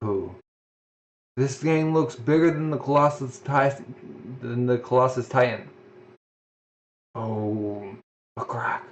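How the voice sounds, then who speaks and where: Uomo medio, lettura casual di manga con commenti ed effetti sonori a voce, audio spento e lo-fi. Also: male voice, mid-range voice, slow pace, pauses often. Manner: reacts with huh and voiced sound effects. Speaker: manga reader.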